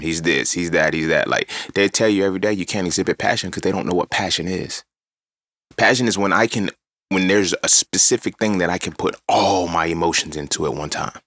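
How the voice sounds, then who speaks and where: A man hosting a casual monologue, animated and profane as he tells his own story. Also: low voice, no echo, clean studio sound. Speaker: podcast host.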